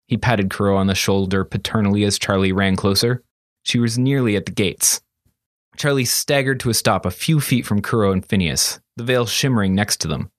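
A man narrating a fantasy story as an audiobook, steady and expressive. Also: lowish voice, brisk, no room sound, clean studio sound.

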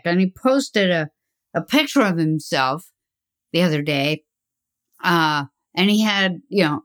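An older woman talking through life advice in an unhurried, rambling way, chuckling now and then. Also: on the low side, fairly bright tone. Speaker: speaker giving life advice. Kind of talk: slow reflective talk.

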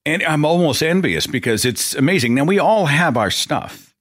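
A man's voice: on the high side, sing-song, normal speed, a bit bright, dry recording, clean studio sound. A man hosting a podcast alone, talking in a casual, rambling way with chatty asides. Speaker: podcast host. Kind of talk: casual solo monologue.

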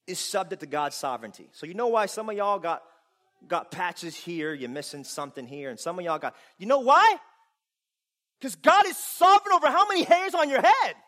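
A man preaching a sermon to a congregation, animated and playful, with loud bursts of laughter. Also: sits high. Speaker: pastor.

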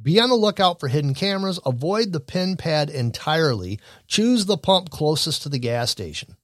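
A man, fairly high for a man, talking through the news and politics in a blunt, opinionated way. He rambles and restarts his sentences. The sound is dry and close, with no room in it. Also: sing-song, moderate pace, dry recording. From Michigan. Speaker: commentary show host. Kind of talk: casual news and political commentary.

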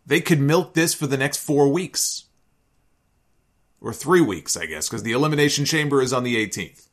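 A man recapping and giving opinions on a wrestling show in a casual, animated storytelling way, sometimes acting out what others said. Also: mid-range voice, normal speed. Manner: animated storytelling, acts out quoted lines. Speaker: wrestling commentator.

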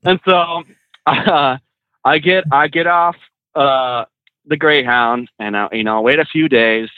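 A man who trains truck drivers, a podcast guest telling animated road stories with frequent laughs and restarts. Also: medium pitch, takes it slowly, no room sound, narrow, tinny audio. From California. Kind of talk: casual storytelling.

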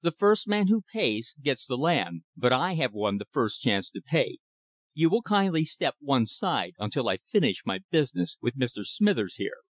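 A man's voice: mid-range voice, moderate pace, no echo. A cool, stubborn young man who answers with brevity and does not budge, as a male narrator reads him. The delivery stays level and plain, in a dry, close recording. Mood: calm. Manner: calm, brief, level. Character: calm, stubborn young male land buyer.

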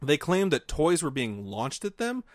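A man's voice: fairly high pitch, big pitch swings, a little slow, dry recording, clean studio sound. A man co-hosting a podcast, telling a spooky story in a casual, joking, profane way. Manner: profane, jokey, mocking asides. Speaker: podcast co-host.

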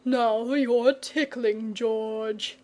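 A woman's voice: medium pitch, slow, darkish tone. A woman voicing a nervous, polite, stubborn male dragon in a storybook reading. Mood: coy. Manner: polite, fussy and coy.

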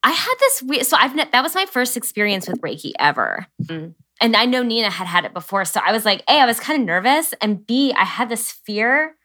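Young woman co-host, candid and self-deprecating, bright tone. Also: a little high, big pitch swings, a little fast, few pauses. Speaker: podcast co-host. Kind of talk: casual podcast chat.

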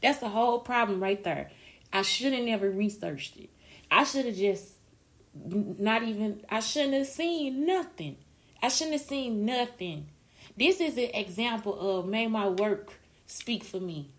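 A woman rambling through a casual monologue in slangy speech, slow and unhurried. Her voice sits a little high, and she keeps spilling into laughter and tears. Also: expressive.

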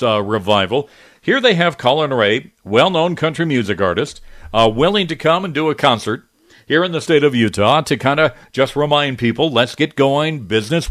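A middle-aged man hosting a talk radio show, talking in an animated, indignant, conversational way with frequent restarts. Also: medium pitch, no echo, clean studio sound. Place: radio studio.

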